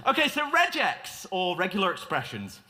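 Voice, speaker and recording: A man's voice: sits high, huge pitch swings, normal speed. A man giving a theatrical, joking tech talk as a conference speaker in a large hall. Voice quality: playful, joking showman delivery. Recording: reverberant hall.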